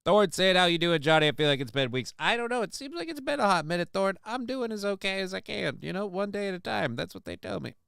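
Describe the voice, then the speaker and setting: Bright, crisp-voiced sarcastic male streamer. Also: high voice, expressive, fast, hardly any pauses, dry recording, clean studio sound. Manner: sarcastic, crude, rambling with fillers. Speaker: live-stream show host. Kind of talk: casual live-stream commentary reading chat.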